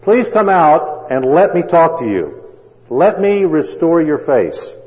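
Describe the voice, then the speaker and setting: A man voicing a male surgeon who calls loudly through a door, pleading. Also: lowish voice, lively intonation, moderate pace, natural voice. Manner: loud, pleading. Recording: dull sound, long hall echo.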